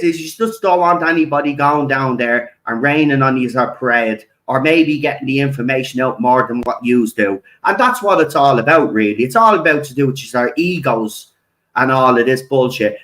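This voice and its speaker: A man's voice: mid-range voice, expressive, moderate pace, a bit bright, low-quality recording. An Irish man with a channel, delivering an angry, profane rant to camera and tagging "right?" onto his lines. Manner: heavy swearing, repeats "right?". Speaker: video channel host. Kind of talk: angry ranting monologue.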